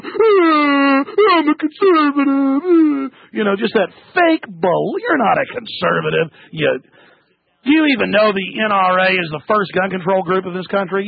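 A furious male radio host with a gravelly, husky voice pitched very high. He berates callers in a rapid, shouting tirade. The sound is dry and narrow, like a radio broadcast heard down a phone line. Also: dry recording. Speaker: radio talk show host. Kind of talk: ranting political talk radio.

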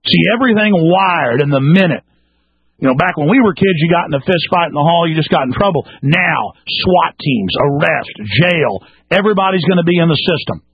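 A man hosts a talk radio show in a high, husky voice, ranting fiercely. He lurches from shouting to low, mocking murmurs. The sound is dry and thin, like it comes down a phone line. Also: animated, fairly quick, no room sound. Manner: fiery ranting, swings between shouting and low mocking tones.

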